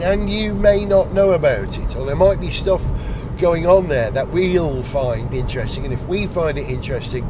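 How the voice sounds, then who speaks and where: A Welsh man with a London-tinged accent, hosting a podcast while driving, chatty and enthusiastic, wandering off topic. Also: fairly high pitch. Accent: Welsh accent mixed with London. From Wales. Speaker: podcast host. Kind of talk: casual talk while driving. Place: in a car. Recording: noisy in-car recording. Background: car and street noise.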